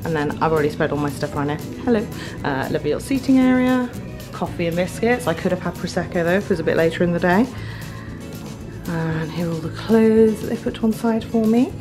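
A woman's voice: fairly low pitch, animated, fast talker, music in the background. Bubbly young woman vlogging. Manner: chatty, bubbly, giggly. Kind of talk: casual vlog chat. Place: home, then a shop fitting suite.

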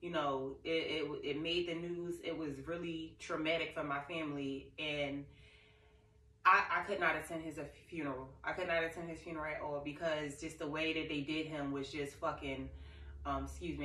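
A woman's voice: sits low, level tone, normal speed, sharp tone. A young woman vlogging to camera, telling an emotional, rambling story in casual talk. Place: living room. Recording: echoey room, far from mic.

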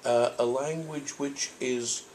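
A man's voice: medium pitch, fairly even intonation, slow pace, a little mellow, a little hiss or hum. An older man from Norfolk, a priest, answers audience questions in a thoughtful, rambling way with frequent restarts. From Norfolk, England. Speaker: priest and convention guest.

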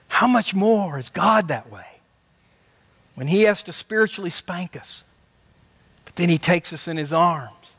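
A male pastor preaching a sermon with passion, dropping soft and then rising to shouts. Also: high voice, expressive, measured pace, pauses often, slightly rough. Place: church sanctuary. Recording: long church reverb.

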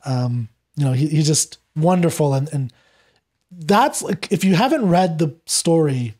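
Animated man retelling a play. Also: on the high side, unhurried. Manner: animated, acts out quoted lines while retelling. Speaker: podcast guest. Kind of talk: conversational literary discussion.

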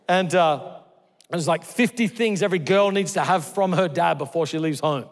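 A middle-aged man from Australia, preaching a sermon. He tells stories earnestly, moving between loud exclamations and hushed, tender lines. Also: fairly high pitch, normal speed. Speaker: pastor. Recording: long hall reverb.

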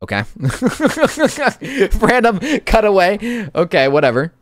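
A man's voice: sits high, sing-song, slow, slight background noise. A man giving casual let's play commentary on a horror game, rambling with laughing asides. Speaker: gaming YouTuber.

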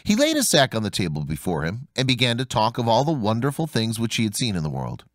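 Animated male storybook narrator. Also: quick pace, no room sound, clean studio sound. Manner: highly animated, swooping pitch on dialogue. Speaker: audiobook narrator.

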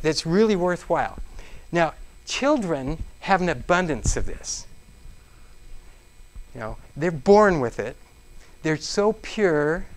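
A man presenting a business seminar to a live audience in a room, talking interactively and checking in with the listeners again and again. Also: high voice. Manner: interactive, checks in with frequent "okay?"; animated, acts out exclamations.

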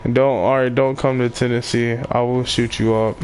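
A young man chatting and swearing loudly while playing an online game with friends. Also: medium pitch, little pitch movement, normal speed, slight background noise. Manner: loud, swearing, teasing. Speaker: player. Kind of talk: casual game chat.

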